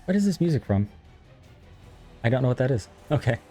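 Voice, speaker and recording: Big pitch swings mark the warm, medium-pitched voice of a young Texan streaming a game. Talking fairly quickly, he chats casually with viewers and makes self-deprecating remarks while faint game music plays.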